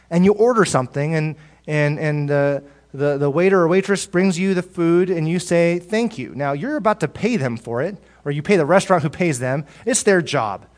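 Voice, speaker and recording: Preacher man swinging loud and soft. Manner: swings between loud emphatic peaks and soft low asides, repeats words. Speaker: pastor. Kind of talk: sermon.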